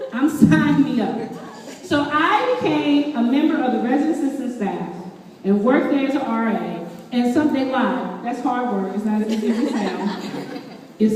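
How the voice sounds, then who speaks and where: A woman giving a lively motivational talk to an audience, playful and animated, quizzing the listeners. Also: fairly high pitch. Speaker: speaker addressing an audience. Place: event room with tables. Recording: echoey hall, mic from far off.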